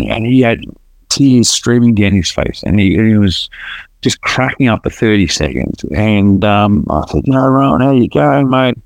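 A man's voice: fairly low pitch, no room sound. A man telling his story to a podcast host in a casual, earnest way, often restarting his sentences. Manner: earnest, lively retelling with frequent restarts. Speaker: podcast guest.

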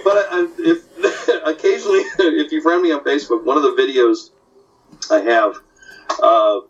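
A man who works as an animation story artist, chatting casually and telling animated anecdotes. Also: fairly high pitch, normal speed. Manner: animated storyteller, slips into character voices. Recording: distant, dull lo-fi audio.

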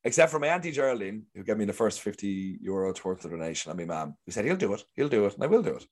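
A lowish, darkish voice races along in a sing-song lilt. The young Irish guest actor rambles chattily through stories in casual talk, playing out what others said.

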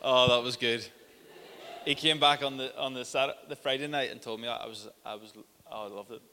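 Man interviewing a guest; easygoing and loose, bright voice, long reverb. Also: mid-range voice, fairly even intonation, moderate pace. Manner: casual, loose, filler-heavy questions. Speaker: host. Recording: echoey room with faint hiss.

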